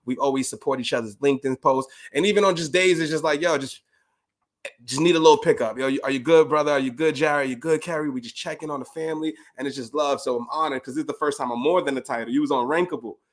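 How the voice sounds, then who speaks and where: A man's voice: medium pitch, fairly even intonation, fast talker. A man hosting a podcast over a video call, talking in a laid-back, hyped way and laughing often. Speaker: podcast host. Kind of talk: casual podcast chat.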